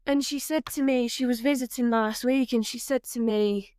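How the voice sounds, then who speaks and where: A woman, a guest on an interview podcast, telling her personal story in a candid, animated way and acting out bits of dialogue. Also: on the high side, normal speed, clear, resonant tone, dry recording, studio quality.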